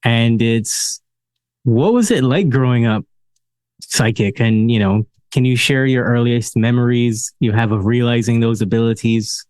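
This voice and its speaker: A man's voice: medium pitch, unhurried, darkish tone, dry recording, clean studio sound. A man hosting a podcast interview, chatty and blunt, laughing often and swearing casually. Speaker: podcast host.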